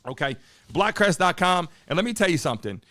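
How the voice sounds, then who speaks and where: A man hosting a live streamed talk show, brash and profane, a little hoarse as he talks to his chat. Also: high voice, sing-song, fairly quick, fairly bright tone. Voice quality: a bit hoarse, froggy. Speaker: host of a live call-in show.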